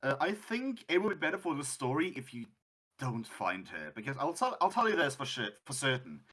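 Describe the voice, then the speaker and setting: A man narrates as game master of a tabletop game. His pitch moves a lot as he talks, and he rambles and restarts his sentences often. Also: very animated, brisk, fairly bright tone. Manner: rambling, self-interrupting.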